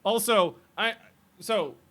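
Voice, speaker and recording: A man's voice: high-pitched, slow, sharp tone. Chatty man streaming a game. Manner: chatty, rambling, laughs often, self-interrupting. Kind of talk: casual gameplay commentary chatting with viewers.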